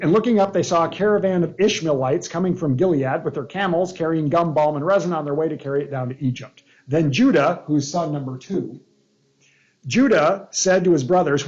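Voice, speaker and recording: A man's voice: a little high, moderate pace, a little mellow, echoey room, lo-fi sound. A man, a pastor, leading a casual Bible study lesson, reading scripture aloud and breaking off for joking asides and questions to the group.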